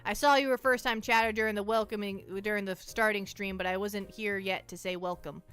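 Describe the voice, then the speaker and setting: A woman's voice: medium pitch, steady tone, fairly quick, a bit bright, clean tone, faint music behind. A young woman streaming, casually chatting with her viewers in a self-mocking, talkative way. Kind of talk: casual livestream chat.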